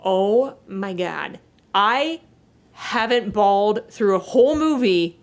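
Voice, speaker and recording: A woman's voice: mid-range voice, lively intonation, slow. A woman co-hosting a podcast, chatting casually and emotionally about a movie she watched, laughing often and getting worked up. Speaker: podcast co-host. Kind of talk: casual movie review chat.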